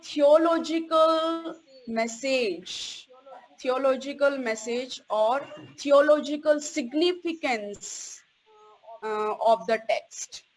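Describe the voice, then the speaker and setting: In a rough recording, a woman delivers a theology course lecture in a high-pitched voice at a slow pace. She stresses key words and checks in with "okay?" after each point.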